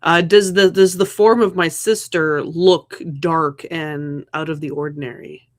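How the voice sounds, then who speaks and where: A woman playing a tabletop horror game, speaking hesitantly with fillers and halting restarts. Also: low voice, steady tone. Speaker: player. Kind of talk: casual tabletop play.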